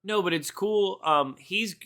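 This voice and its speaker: A man's voice: sits high, a little slow, a bit bright. A tipsy man co-hosting a podcast, giving rambling, profane movie commentary and laughing often. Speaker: podcast co-host. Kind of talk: casual movie commentary chat.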